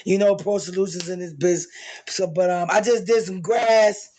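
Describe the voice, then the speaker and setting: A high-voiced man speaks through a hoarse, worn voice. He is a guest poet telling a backstory in a hyped, chatty, slangy way before he performs. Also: fairly even intonation, moderate pace, a little mellow. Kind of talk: casual chat before a performance.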